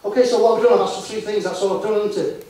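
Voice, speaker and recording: A man's voice: high voice, fairly even intonation, rapid-fire, mellow. A man giving a talk to a live conference audience, chatty and tossing tag questions at the room. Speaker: conference speaker. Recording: very echoey hall, voice far from mic.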